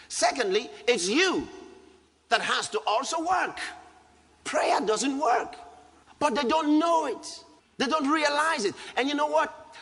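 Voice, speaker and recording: A man with a Nigerian English accent preaching a sermon, emphatic, dropping low and calm then rising to loud outbursts. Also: long reverb tail. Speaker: pastor.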